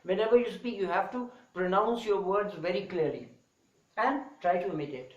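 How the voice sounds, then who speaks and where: Lively Pakistani-accented male English teacher. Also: high-pitched, normal speed. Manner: lively teacherly delivery, raising and dropping his voice for emphasis. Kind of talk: spoken English lesson. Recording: echoey room, dull lo-fi sound.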